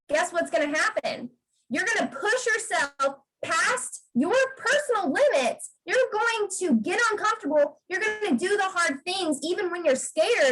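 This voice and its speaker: Casting note: high-pitched woman, emphatic motivational speaker on a video call. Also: lively intonation, moderate pace, fairly bright tone, low-quality recording. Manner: emphatic, repeats "okay?" to drive points home. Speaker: guest speaker on a sales team video call. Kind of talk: motivational pep talk.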